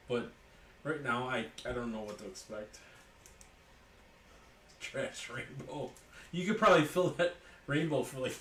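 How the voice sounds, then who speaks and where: A man's voice: mid-range voice, fairly bright tone, reverberant, far from the mic, slight background noise. A man hosting a live sports card break, calling out each card as he opens packs and chatting with viewers by name. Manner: calls out cards as he opens packs, jokes and talks to viewers by name.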